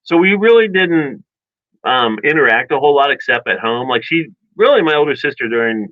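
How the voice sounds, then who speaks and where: A man's voice: medium pitch, lively intonation, fairly quick, dry recording, muffled recording. A man co-hosting a radio show, telling a long rambling childhood story in casual chat and acting out family quotes. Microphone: studio microphone.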